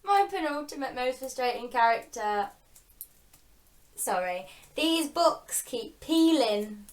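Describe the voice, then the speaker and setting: A young woman co-hosting a book vlog, animated and exasperated as she mock-quotes characters. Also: high-pitched, slow. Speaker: book channel co-host. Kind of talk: casual chat.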